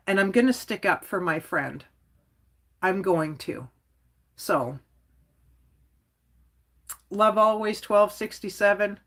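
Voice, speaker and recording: A woman holding forth on her own livestream in a mid-pitched voice. She talks bluntly and rambles, filling her speech with "like." She chuckles now and then as she goes. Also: slow, long pauses, fairly bright tone. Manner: outspoken, rambling, frequent "like". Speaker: livestream host. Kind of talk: casual livestream rant.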